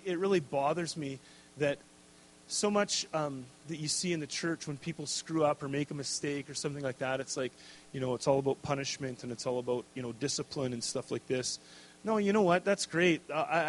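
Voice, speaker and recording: A middle-aged man and pastor preaching a sermon, telling a personal story in an animated, casual way with many fillers. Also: fairly high pitch, slight background noise.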